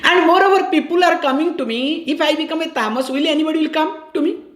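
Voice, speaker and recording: A woman with a high, light voice gives a spiritual teaching on scripture. She talks conversationally, pausing to check that her listeners follow and restating her key phrases. The sound is roomy, with a clear echo around her. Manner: corrects and repeats key phrases. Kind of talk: scripture discourse.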